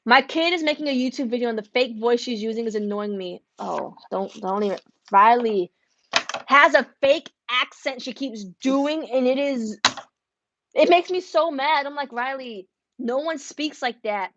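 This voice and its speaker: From her home craft studio, a middle-aged woman who owns an embroidery business hosts a live stream, chatting casually with viewers as she works on orders. Her voice is slightly high and moderately paced, though the audio is dull with some background noise.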